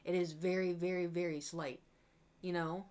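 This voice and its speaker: This young woman has a low, smooth voice at normal speed as she paints on stream and talks casually. She spins rambling stories, acting out how she once reacted and quoting herself with exclamations.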